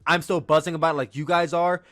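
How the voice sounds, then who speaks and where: A man hosting a podcast, recapping in a casual, excitable, rambling way and acting out quotes. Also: fairly high pitch, quick pace, faint music behind. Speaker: podcast host.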